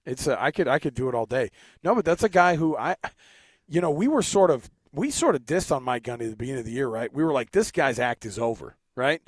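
A man co-hosting a casual sports talk show, animated and jokey, on a close studio mic. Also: medium pitch, fast, dry recording. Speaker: sports radio co-host.

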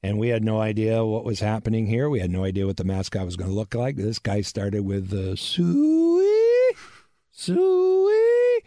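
A man's voice: lowish voice, level tone, mellow, no room sound, studio quality. A man who worked as a radio broadcaster recounting a story, acting out the announcements in it. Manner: measured storytelling with acted-out announcements. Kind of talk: anecdote.

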